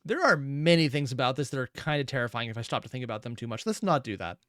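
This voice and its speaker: Animated woman joking through a reaction. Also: extremely low pitch, fast talker, no echo, clean studio sound. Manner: self-deprecating, joking asides. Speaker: reaction host. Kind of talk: casual reaction commentary.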